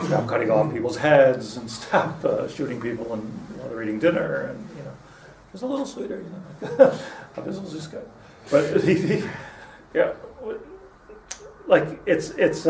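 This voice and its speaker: A man's voice: medium pitch, vocal fry, a little mellow, slight background noise. A man, a rabbi, giving an informal Torah class in a conversational way, mixing in Hebrew terms and restarting his sentences. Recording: roomy, distant mic with faint ambience.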